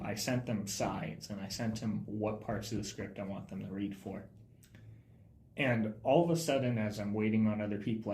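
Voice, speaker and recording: A young man, a film student, telling production stories in a casual podcast chat, animated and growing loud when excited. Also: on the low side. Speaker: film student director, guest. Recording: roomy echo.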